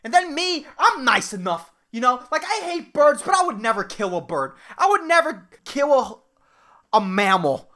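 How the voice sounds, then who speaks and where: A man's voice: extremely high pitch, very animated, moderate pace, pushed and bright. A man hosting a solo podcast. He rants angrily, rambles, restarts, and swears constantly. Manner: crude, profane, angry ranting. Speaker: podcast host. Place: seated indoors at home.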